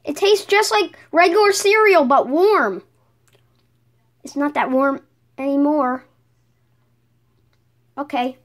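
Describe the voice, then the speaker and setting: A woman's voice: sits high, slow pace, pauses often. A young woman making a casual home vlog, breaking into exasperated outbursts of disbelief. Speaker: vlogger.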